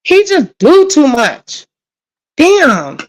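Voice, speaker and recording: Woman, livestream host, AAVE, higher voice, emotional, on a rant, talking back to chat. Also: sing-song, drawn-out words, low-quality recording.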